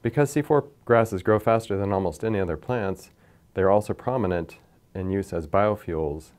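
A man lecturing from slides in a measured, explanatory way, pointing to figures as he goes. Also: low-pitched, a little mellow. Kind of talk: scripted science lecture over slides.

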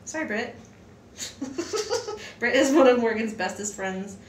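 A woman on the high side talks a little fast into a distant mic, with slight background noise and echo from a room at home where she's off-mic. She's a hand-lettering teacher giving a loose, chatty lesson that rambles with frequent fillers and restarts.

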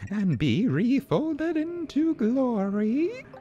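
A man voicing a creepy folded princess in a video game, drawing out each word in a high, eerie tone. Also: big pitch swings, mellow, slightly rough, dull audio, faint music behind, exaggerated voice. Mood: creepy menacing. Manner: slow, high, eerie drawl.

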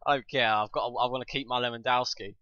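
A young man giving excitable, sweary commentary over his own gameplay, breaking into shouts. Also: medium pitch, fast talker, no room sound. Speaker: gaming channel host. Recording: dull lo-fi dry mic.

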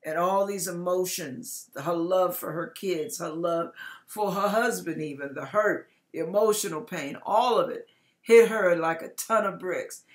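Slow, low-voiced older woman preacher. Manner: dramatic storyteller, swings from loud outbursts to hushed lines; emphatic, folksy. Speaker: ministry preacher. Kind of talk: dramatic testimony.

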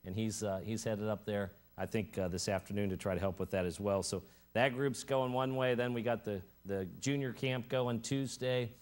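A man's voice: fairly even intonation, moderate pace. A man, a pastor, giving church announcements, a prayer and an emphatic sermon at an evening service. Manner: announcements and prayer, then emphatic preaching that rises in pitch and loudness.

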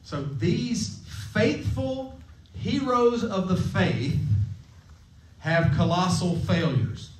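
A man's voice: sits high, expressive, very slow. Brief: male camp preacher, jokey and conversational, recorded at a distance in a roomy chapel. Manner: playful, jokey, asks the room questions. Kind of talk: casual sermon to middle schoolers. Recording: echoey room, mic at a distance.

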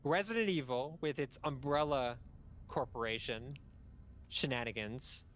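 A man's voice: mid-range voice, unhurried, a bit bright. A man casually chatting while watching a friend play a video game, teasing and giving joking advice. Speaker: game show co-host. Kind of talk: casual gameplay chat.

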